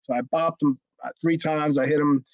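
A man's voice: on the high side, fairly even intonation, normal speed, darkish tone, no echo. A middle-aged man, a former pro wrestler, telling a story casually in an interview. He swears freely and acts out the people in the story. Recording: dry, slightly dull lo-fi sound.

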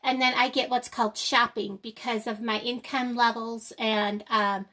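Older woman, out of breath, high voice, bright tone, rambling casual vlog. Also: flat delivery, moderate pace. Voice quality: slightly off speech. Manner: rambling, apologetic, lots of ums. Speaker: vlogger. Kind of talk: casual chat to camera.

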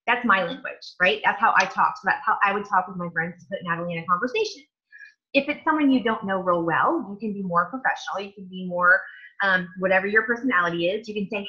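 A woman with a bright, forceful voice coaches her team in a casual, emphatic way, stressing points by repeating them. The sound is dull and lo-fi. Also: medium pitch, fairly quick. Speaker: network marketing trainer.

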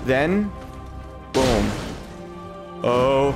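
An excitable young man narrates his gameplay live, cursing freely and jumping into high-pitched yelps. His pace is unhurried between outbursts, and clear game music plays behind him. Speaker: game streamer.

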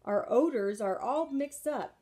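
A woman's voice: a little high, unhurried, warm tone, husky, voice pushed up. A woman reading a polite, cautious scientist.

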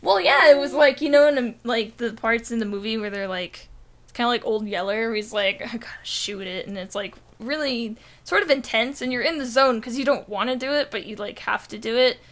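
A woman's voice: fairly high pitch, a little fast. A young woman co-hosting a podcast, telling a rambling story in casual chat, full of "like" and swearing. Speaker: podcast co-host.

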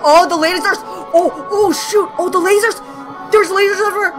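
Screaming, very high-pitched woman reacting. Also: moderate pace. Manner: screams, gasps and exclaims constantly. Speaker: reaction video host. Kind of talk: excited reaction commentary. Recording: loud performance music behind. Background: loud music.

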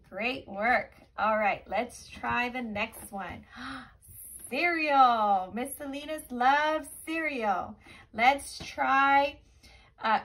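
A woman teaching young children a remote lesson, speaking in a slow, encouraging, sing-song way and often checking "okay?". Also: high voice, bright, forceful tone.

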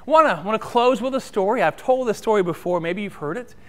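A man's voice: high-pitched, animated, fairly quick, fairly bright tone. A man preaching a sermon and telling a story in a church sanctuary, then leading a prayer. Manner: storytelling, rising and falling, ends in prayer. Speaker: pastor.

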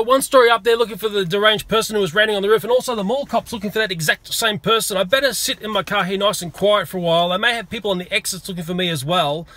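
An Australian man vlogging on a shopping trip, talking to the camera in an animated, indignant way. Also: high voice. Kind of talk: casual vlog, talking to camera. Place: shopping centre, car park and store.

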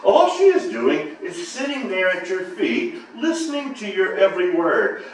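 A pastor voicing an overworked, frustrated woman who pleads for help in a shrill, exasperated way. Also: wildly swooping pitch, normal speed, distant mic. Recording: echoey sanctuary from afar.

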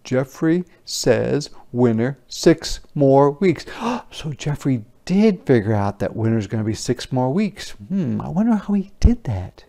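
A man as a teacher, reading a picture book aloud to young children, pausing to explain words simply and wonder aloud. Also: medium pitch, big pitch swings, gravelly, dark tone.

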